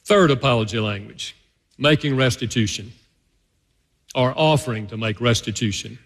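A male pastor preaching a conversational sermon, telling stories and jumping up high in pitch for emphasis. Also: normal speed. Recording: long reverb of a large hall.

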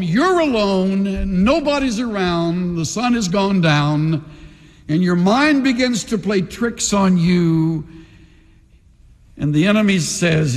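Pastor, male, high and very animated voice, unhurried emphatic sermon delivery, big church reverb. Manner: emphatic preaching with slow dramatic pauses. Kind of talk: sermon with altar call. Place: large church sanctuary. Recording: long reverb in a large hall.

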